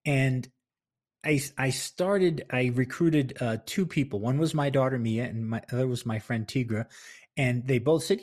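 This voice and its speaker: A man talks into a close podcast mic in his home office, hosting a relaxed solo show. His voice is a bit husky and sits at an ordinary pitch. He rambles in a chatty, self-deprecating way and laughs often. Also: normal speed. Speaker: podcast host. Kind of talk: casual solo podcast talk.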